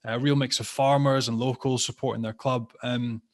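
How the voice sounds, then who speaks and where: A man's voice: medium pitch, fairly even intonation, moderate pace. A man co-hosting a rugby podcast, chatting enthusiastically and asking his guest questions. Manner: enthusiastic, conversational. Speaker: podcast co-host, former rugby player. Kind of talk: casual podcast chat.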